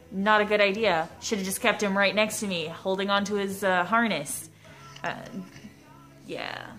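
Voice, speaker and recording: A young woman talks to her camera from home in a loose, rambling vlog. She pokes fun at herself as she goes, in a voice of ordinary middle pitch. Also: fairly bright tone. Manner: rambling, self-mocking, chatty. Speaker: vlogger. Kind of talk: casual vlog chat. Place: at home indoors.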